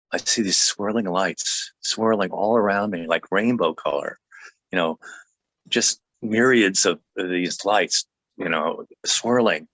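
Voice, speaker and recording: A man who is a pastor, telling a personal testimony in conversation, joking and laughing often, with halting starts and restarts. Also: low-pitched, fairly bright tone, dry recording.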